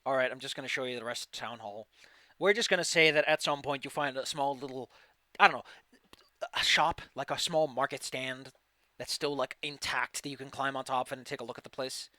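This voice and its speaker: A man's voice: mid-range voice, fast talker, pushed and bright, dry recording. A man running an online tabletop game as game master, loose and rambling, often restarting and swearing casually.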